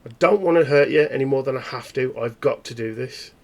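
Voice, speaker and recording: A man's voice: medium pitch, a little fast, darkish tone, lightly acted. A man voicing a menacing captor. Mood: threatening. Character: menacing man restraining a captive woman.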